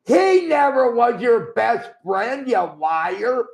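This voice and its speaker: A man's voice: very high-pitched, sing-song, takes it slowly, vocal fry. An older man, a former wrestler, telling blunt, profane stories in a rambling way during an interview. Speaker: guest wrestler. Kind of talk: shoot interview storytelling.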